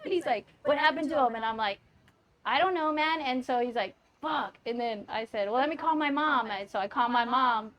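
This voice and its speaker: A woman's voice: on the high side, a little fast, dull audio. A young woman telling a drunken party story in casual chat. She swears freely, laughs often and acts out the voices of the people she quotes. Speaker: podcast co-host telling a story.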